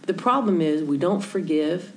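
A woman with a fairly low voice tells a story in casual conversation. She acts out the people in it and drops to near-whispers at times. A faint hiss sits behind her. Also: expressive, normal speed, rough recording. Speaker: Christian speaker telling a story.

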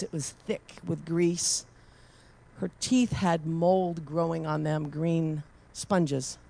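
A woman preacher telling a personal story in a sermon, moving from hushed storytelling to loud, impassioned praise. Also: on the low side, vocal fry.

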